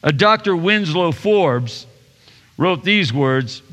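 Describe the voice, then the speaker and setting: A male pastor delivers a sermon with animated energy, often restarting phrases. His voice is high and bright. Long reverb from a large church hall trails behind. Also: slow. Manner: animated, repeats words and restarts.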